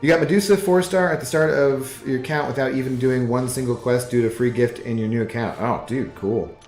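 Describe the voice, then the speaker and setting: Easygoing male game streamer, rambling chat, mid voice, echoey room, soft music behind. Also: mid-range voice, a little fast. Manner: laid-back, rambling, reads chat aloud. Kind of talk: casual live-stream chat while gaming. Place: apartment living room. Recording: roomy echo with faint music.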